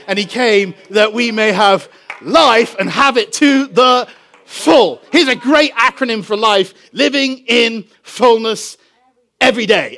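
An English pastor delivers a sermon in a strikingly high voice for a man. He tells his story with animation. He stretches out the important phrases slowly. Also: fairly bright tone. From England.

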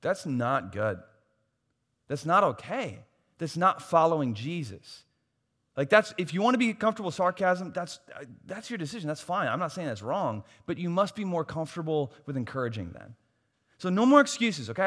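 A man's voice: fairly high pitch, sing-song, normal speed, fairly bright tone. A man preaching a sermon as a pastor, emphatic and repeating key phrases, with self-deprecating asides. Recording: long hall reverb.

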